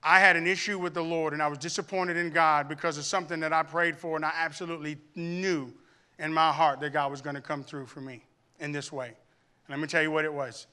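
A man from Arkansas preaching a sermon in church, telling a personal story and building to loud, emphatic preaching. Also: fairly high pitch, level tone, a little fast, clear, resonant tone. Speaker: pastor.

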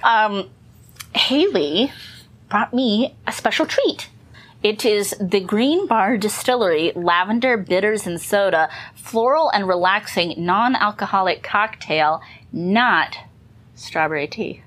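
A woman's voice: medium pitch, lively intonation, takes it slowly, a bit bright. A woman co-hosting a casual film podcast chat, playful and teasing, often laughing. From California. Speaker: podcast co-host.

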